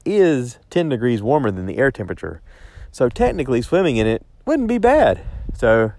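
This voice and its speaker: A man's voice: medium pitch, a little hiss or hum. A man telling a rambling story in a casual spoken diary, correcting himself as he goes and talking into a phone. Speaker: vlogger.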